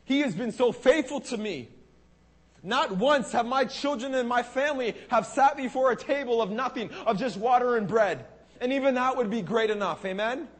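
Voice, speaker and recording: High-voiced animated male preacher. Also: moderate pace. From Canada. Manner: animated preaching, voices God and the Israelites in quotes. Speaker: pastor. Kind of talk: sermon.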